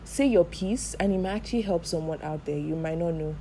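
A young woman with a Nigerian accent talks straight to her audience in a casual vlog, stressing her points by repeating them. Her voice sits a little low and has a mellow, soft tone. A faint hum of room noise stays under her speech. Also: fairly quick, rough recording. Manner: animated, emphatic, repeats for stress. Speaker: vlogger. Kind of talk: casual storytelling to camera.

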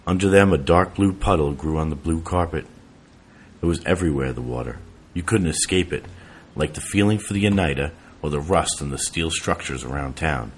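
A man narrating an audiobook in a steady, even reading voice. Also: very deep voice, fairly quick, a little hiss or hum.

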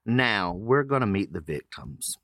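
A man's voice: lowish voice, very animated, a little slow, a bit bright, no room sound, studio quality. A man hosting a podcast, reading case notes aloud with loose casual asides. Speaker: podcast host.

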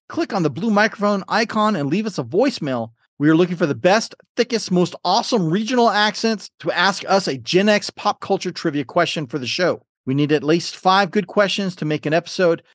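A man's voice: sits high, dry recording, clean studio sound. A man hosting a trivia game podcast, reading questions and fun facts with playful, jokey asides. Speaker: podcast host and quizmaster.

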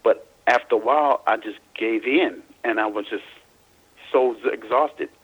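Husky, halting middle-aged man. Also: medium pitch, poor audio. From Louisiana, US. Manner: halting, repeats words while searching for them. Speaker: guest, author. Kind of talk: casual interview, recounting personal experiences.

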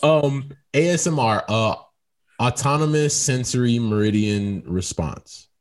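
A man's voice: medium pitch, unhurried. A man co-hosting a podcast, chatting casually in an easygoing, laughing way. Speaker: podcast co-host. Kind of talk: casual chat.

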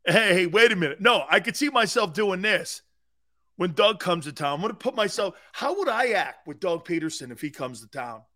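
A man with a notably high speaking voice hosts a sports talk show. He rants loudly and with humor, jumping into the shouted voices of furious fans before dropping back to his own chatty delivery. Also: normal speed. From United States. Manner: animated, acts out angry fans in bursts. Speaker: sports radio host. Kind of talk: loud comic sports talk rant.

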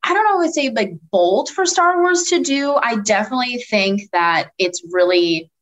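A woman's voice: on the high side, expressive, moderate pace, fairly bright tone, poor audio. A woman chatting casually as a podcast panelist, rambling and heavy on filler words. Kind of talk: casual chat.

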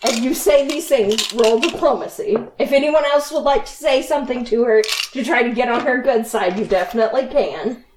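Woman game master, high animated voice, slow narration, echoey room. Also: background noise. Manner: animated, laughing, drawn-out delivery.

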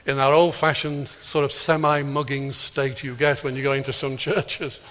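A middle-aged man telling a humorous story at a conference, acting out the dialogue in a lively anecdotal way. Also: medium pitch, normal speed. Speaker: speaker at a prayer conference. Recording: long reverb of a large hall.

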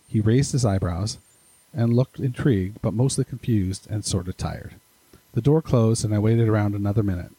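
A man's voice: lowish voice, normal speed, mellow, slightly rough, dry recording, low-quality recording. A man hosting a casual podcast, reading listener emails aloud with rambling, self-deprecating asides. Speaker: podcast host.

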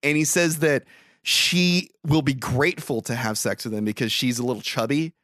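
A young man tells a movie's story with plenty of cursing and exasperated side remarks. His voice sits at a middling pitch. The recording is close and dry, with no room sound. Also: fairly bright tone, no room sound. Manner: profane, exasperated storytelling with quick quoted asides. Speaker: podcast co-host. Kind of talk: casual movie recap.

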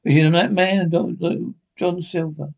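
A man reading an audiobook voices a calm, wry doctor. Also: a little high, normal speed, vocal fry.

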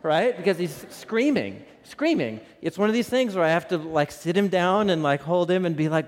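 Pastor, male, thirties, slightly higher register, lively storytelling sermon, long hall reverb. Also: normal speed. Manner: animated storyteller with laughs and asides to the audience.

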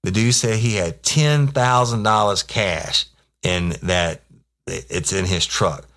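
A man's voice: fairly low pitch, slow pace, fairly bright tone, voice pushed up. A man voicing a worried fellow police officer in a story he tells. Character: fellow male police officer, anxious and urgent.

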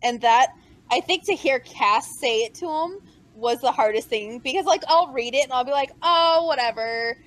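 A woman's voice: sits high, lively intonation, normal speed, no echo, rough recording. Chatty woman addressing her viewers. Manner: chatty, addresses viewers as guys, many fillers. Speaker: podcast co-host. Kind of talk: casual wrestling chat.

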